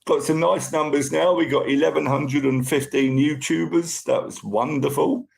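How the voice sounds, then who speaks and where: Gravelly-voiced man chatting on a live stream. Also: fairly high pitch, steady tone, normal speed, darkish tone, low-quality recording. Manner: chatty, thanks viewers by name as they join. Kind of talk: casual live stream chat.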